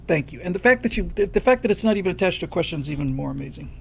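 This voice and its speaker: This older livestream host from the United States talks in a high, animated voice at a racing pace, with vocal fry and a little hiss or hum on the audio. Casual and opinionated, he's blunt and emphatic as he reads out viewer donations and thanks people for them.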